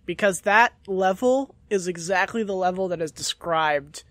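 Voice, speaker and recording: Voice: medium pitch, moderate pace, fairly bright tone, no echo. Dry-sounding reactive podcast co-host. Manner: reactive, short responses and laughs. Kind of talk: casual chat.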